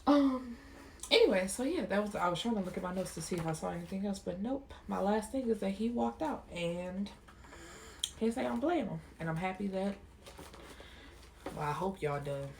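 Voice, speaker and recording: A woman's voice: mid-range voice, expressive, moderate pace, gravelly, slight background noise. A young woman casually recapping and reviewing a TV episode in a slangy, chatty way, acting out the characters' lines as she goes.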